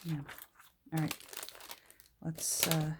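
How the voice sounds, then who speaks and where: A woman's voice: sits low, monotone, takes it slowly, noisy background. A woman from Canada with a Canadian accent, chatting casually and musing aloud to herself while she works on a craft project. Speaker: junk journal crafter.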